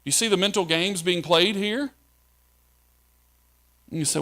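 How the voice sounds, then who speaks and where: A man's voice: on the high side, expressive, normal speed, creaky, a bit bright. Man preaching with rhetorical questions. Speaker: pastor. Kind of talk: sermon.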